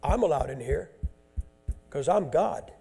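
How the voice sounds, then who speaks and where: A man voicing an arrogant male world ruler who speaks smoothly and boastfully, then low and threatening. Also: lively intonation, brisk, warm tone, faint music behind. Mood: menacing.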